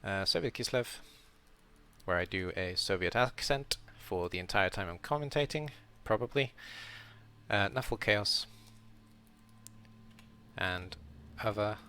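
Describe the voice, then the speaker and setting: A man's voice: on the low side, unhurried, pushed and bright, clear, resonant tone. A man streaming a casual round-up of his game league as host, rambling and correcting himself as he thinks aloud.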